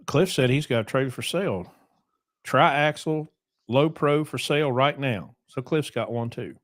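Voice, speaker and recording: A podcast host runs a casual trucking show, talking loosely and rambling with plenty of ums and asides. His mid-range voice moves at a measured pace, captured in clean studio sound with no room sound.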